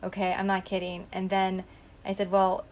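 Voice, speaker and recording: A woman hosts her own podcast in a loose solo monologue. She drifts from one thought to the next and stays blunt and emphatic throughout. Her voice sits at a middling pitch. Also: completely flat delivery, normal speed, darkish tone. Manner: scattered, stream-of-consciousness, blunt and emphatic. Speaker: podcast host.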